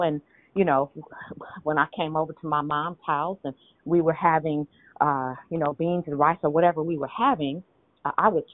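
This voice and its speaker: A woman leading a group call, giving spiritual teaching in a measured, teacherly way with rhetorical questions. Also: low voice, dry recording. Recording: tinny phone line.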